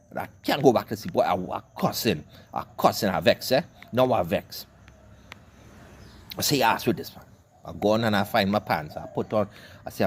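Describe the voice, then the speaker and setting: A man with a Trinidadian accent, working as an online commentator, tells a rambling comic story in dialect, cussing and carrying on as he goes. His voice sits at a medium pitch.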